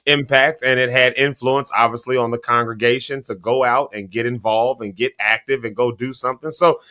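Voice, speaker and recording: A man co-hosting a morning talk show, with a bright, forward voice. He chats loosely and laughs often, teasing the others as he tells a story. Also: mid-range voice, fairly even intonation, fairly quick. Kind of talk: casual chat.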